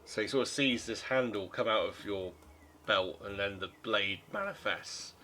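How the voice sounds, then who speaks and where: A man's voice: on the low side, moderate pace, bright, forceful tone, slight background noise. Rambling man narrating as game master. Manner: rambling, self-correcting narration.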